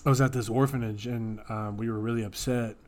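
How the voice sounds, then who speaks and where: A man's voice: medium pitch, a little fast, a little hiss or hum. A man co-hosting a podcast, telling absurd made-up stories with a straight face in casual chat. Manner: deadpan, straight-faced storytelling of absurd tales. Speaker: podcast co-host.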